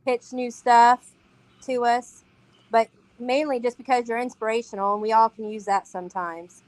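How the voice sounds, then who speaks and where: A woman's voice: a little high, steady tone, normal speed, no room sound, rough recording. A woman co-hosting a casual interview chat, plain-spoken and thankful. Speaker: co-host.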